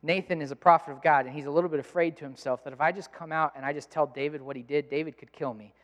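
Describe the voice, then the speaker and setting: A pastor preaching a sermon with emphatic delivery that builds to loud intensity, in a church sanctuary. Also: male voice, on the high side. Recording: long reverb in a large hall.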